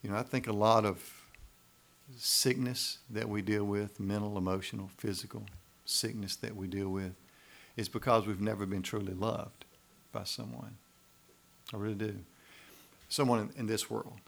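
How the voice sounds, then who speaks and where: Pastor guy preaching, gravelly lowish voice, folksy chatty sermon, keeps asking right?. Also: fairly even intonation, normal speed, pauses often, fairly bright tone. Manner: conversational, folksy, repeats "right?" to the congregation.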